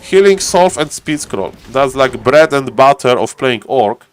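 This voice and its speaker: A man with a non-native English accent casting a strategy game live, chatting with viewers and rising in excitement over key plays. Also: medium pitch, a little slow. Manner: chatty, greets chat viewers, repeats "ladies and gentlemen". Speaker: game caster and streamer.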